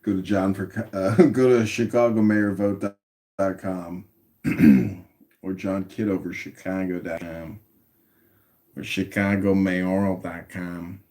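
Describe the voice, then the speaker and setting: A man's voice: low-pitched, steady tone, slow, long pauses, mellow. A man in casual chat as a political candidate hosting his own podcast, loose and jokey. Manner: loose, jokey, self-promoting.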